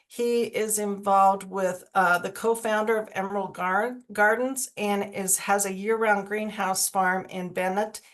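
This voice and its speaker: A woman's voice: mid-range voice, fairly even intonation, unhurried, few pauses. A woman on a video call introducing fellow commission members, talking in a loose, chatty way with many fillers. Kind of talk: virtual public forum, casual introductions.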